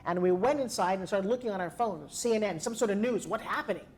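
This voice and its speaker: A middle-aged woman recounts a personal story with lively, dramatic delivery. She slips into the voices of the people she quotes, and her pitch rises and falls across the telling. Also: quick pace, slight background noise. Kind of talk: animated storytelling.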